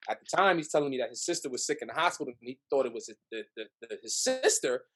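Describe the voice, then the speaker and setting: Animated New storyteller, a man. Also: medium pitch, fast. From the Bronx, New York. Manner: animated, acts out voices in his stories. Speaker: podcast guest. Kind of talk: casual storytelling.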